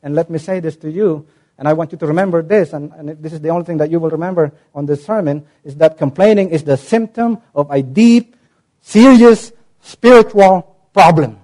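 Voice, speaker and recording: A male pastor preaching a sermon in a somewhat high voice. He teaches with emphasis, spells out words, gives examples and lingers on key terms. He slows right down whenever he reads a verse aloud. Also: mellow.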